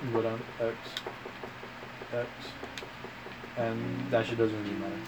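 In a flat, mid-range voice and at a slightly slow pace, a man chats casually with friends through long, profane, rambling anecdotes. He uses slang like "bro" and "dude" and performs the quoted lines with different voices. The background is noisy.

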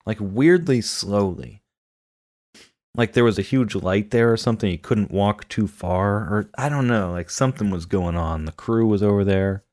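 A man co-hosting a casual chat about a film, animated and laughing often. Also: lowish voice, normal speed, no room sound, clean studio sound. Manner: animated, laughs often, acts out quoted lines. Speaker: film podcast co-host.

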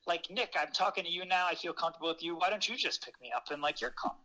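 A man's voice: a little high, fast talker, pushed and bright, rough recording. A man doing an impression of a kindly, chatty elderly male comedian in a story he is telling. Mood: friendly.

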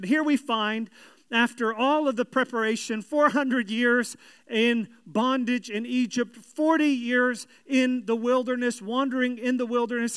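A man's voice: very high-pitched, a bit bright, clean tone, dry recording. A man preaching a sermon, reading scripture aloud and then expounding on it earnestly, with restarts and emphasis. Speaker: pastor.

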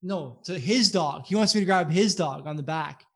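A man casually telling a rambling, profane story to friends on a podcast, animated and full of asides. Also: a little high, moderate pace, vocal fry, husky.

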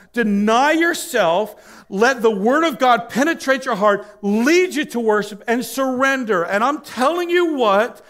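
A male pastor preaches in a high, carrying voice, taking his time over every phrase. He swings from loud, emphatic exhortation down to hushed, soft appeals. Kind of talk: sermon.

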